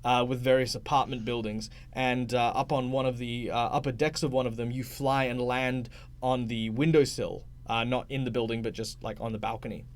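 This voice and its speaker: A man's voice: medium pitch, level tone, moderate pace. A man with an Australian accent narrating as game master of a tabletop game, hesitant and full of fillers. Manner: hesitant, many fillers and restarts.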